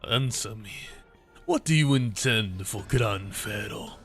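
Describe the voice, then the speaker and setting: A man doing a stern, menacing inquisitor in a deep, gravelly voice that is rough and commanding. The lines come slow and clipped, with a crisp, forceful edge. Faint music plays underneath. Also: expressive, full character voice. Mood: demanding. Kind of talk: reading a game story aloud with voices.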